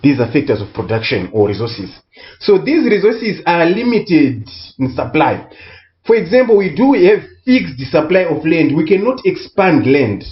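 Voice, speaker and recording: A man tutoring economics in a recorded lesson, speaking deliberately and repeating key words for emphasis. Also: on the high side, very animated, dull audio. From Southern Africa.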